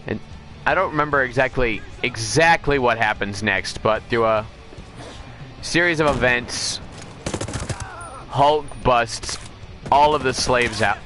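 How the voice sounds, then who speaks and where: A man's voice: medium pitch, over music. A man streaming a game, casually retelling a comic story, often correcting himself and speeding up in bursts. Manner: rambling, self-correcting recap with quick bursts. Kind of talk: casual storytelling while gaming.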